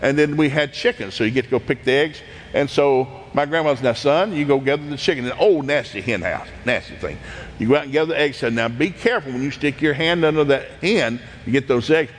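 A middle-aged man from East Tennessee, telling animated, folksy stories from his childhood, laughing often and acting out voices. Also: medium pitch, brisk, in a large hall. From East Tennessee, USA. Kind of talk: folksy anecdotal storytelling.

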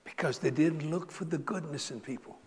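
Older Cajun preacher, animated and folksy, slightly high voice, lots of laughter, big reverberant hall. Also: male voice, a little fast. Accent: Cajun Southern US. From South Louisiana. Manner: animated, laughing, Southern drawl, rising to exclamations. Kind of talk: folksy storytelling sermon.

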